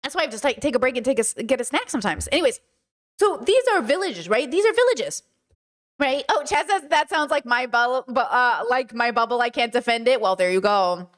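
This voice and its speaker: A young woman talks casually to her stream audience in a voice that sits a little high. She tells family stories with animation and acts out the lines of the people in them. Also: lively intonation, fairly quick. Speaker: streamer host. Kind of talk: casual chat to a live stream.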